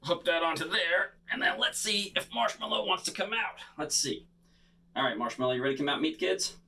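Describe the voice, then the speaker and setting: A man performing a bubble show for children, talking to them in playful, animated patter. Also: a little high, fairly quick, vocal fry. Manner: animated, playful, talks straight to kids.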